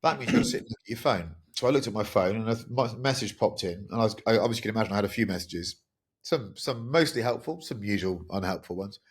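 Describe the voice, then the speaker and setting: Wry, rambling man, lowish voice. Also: animated, fast, slightly rough. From England. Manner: candid, rambling, wry and self-deprecating. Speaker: podcast host. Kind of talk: casual podcast monologue.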